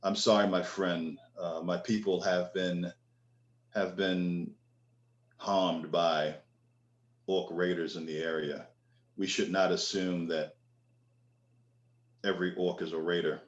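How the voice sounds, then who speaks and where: A man's voice: high voice, very animated, drawn-out words, long pauses, mellow, roomy sound, muffled recording, pitched above the performer's own voice, exaggerated voice. A man voicing an earnest village father. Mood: apologetic. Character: grateful human father, leader of hunters.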